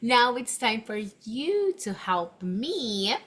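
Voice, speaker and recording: A young woman teacher reading a picture book aloud to children and leading a phonics lesson, with exaggerated, expressive delivery. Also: a little high. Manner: animated, exaggerated expression with gasps, slow clear delivery.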